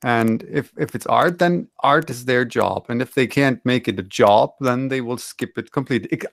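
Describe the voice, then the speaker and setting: A man's voice: mid-range voice, moderate pace, vocal fry, no room sound, studio quality. A man in casual online panel chat, rambling and correcting himself with wry asides.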